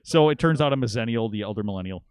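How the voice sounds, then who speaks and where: Man late 30s, podcast guest, lively swinging pitch, rambling profane stories, dry close sound. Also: rapid-fire, clean tone, no echo. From Minnesota, US. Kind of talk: casual storytelling.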